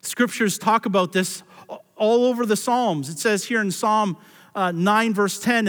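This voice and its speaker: Male pastor, high voice, sermon in a church with long hall echo, earnest scripture reading. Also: measured pace, a bit bright. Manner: earnest preaching, reads scripture aloud, rises and falls in pitch.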